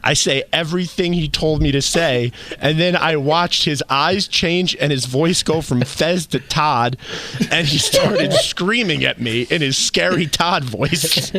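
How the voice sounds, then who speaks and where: A man's voice: on the high side, very animated, bright, forceful tone. A young man on a radio show, a former intern, telling rambling stories with many restarts and laughs. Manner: rambling, halting, laughs often. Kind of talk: casual radio chat, storytelling.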